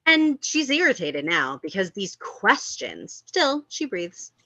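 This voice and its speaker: A woman reading stage directions at a table read, expressive with amused asides. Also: mid-range voice, slow, dry recording. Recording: dull lo-fi sound.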